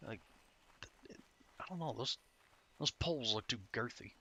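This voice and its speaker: A man's voice: medium pitch, moderate pace, pushed and bright, a little hiss or hum. A tired, sleepy man casually commenting on his gameplay to himself, rambling and swearing. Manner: rambling, profane, self-talking. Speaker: streamer playing an online game.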